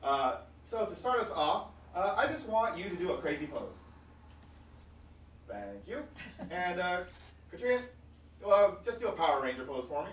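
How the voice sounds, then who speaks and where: A man's voice: high voice, very animated, normal speed, pauses often. A man hosting a live improv comedy show, playful and explaining the game with many fillers. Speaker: improv host. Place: small theater stage. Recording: echoey stage room, mic from far off, faint noise.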